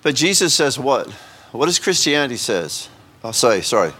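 A man preaching an informal sermon at a medium pitch. He keeps it conversational and joking, and often throws questions at the congregation. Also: sing-song, normal speed, pushed and bright, a little hiss or hum. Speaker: pastor.

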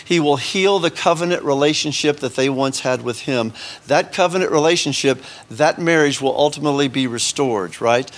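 A man's voice: on the high side, moderate pace. A man teaching a Sunday school lesson to a congregation, chatting with joking asides and frequent restarts. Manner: conversational, joking asides, many fillers and restarts. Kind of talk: casual Bible lesson to a congregation.

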